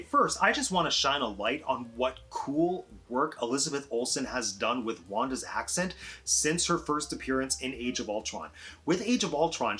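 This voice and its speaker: A man's voice: mid-range voice, bright, forceful tone. Eager, gushing man reviewing a show. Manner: eager, gushing, with sudden emphatic lifts. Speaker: film and TV reviewer. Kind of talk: enthusiastic review vlog.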